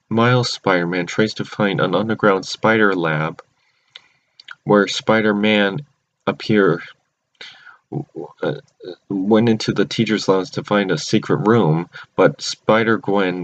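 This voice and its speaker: A man casually recapping cartoon episodes, rambling and often restarting or correcting himself mid-sentence. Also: lowish voice. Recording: dull lo-fi recording.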